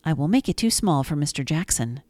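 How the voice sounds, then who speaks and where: A woman's voice: sits low, animated, brisk, warm tone, no echo, studio quality. A woman voicing a tidy, fussy little female mouse in a children's storybook reading, prim and fretful. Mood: determined.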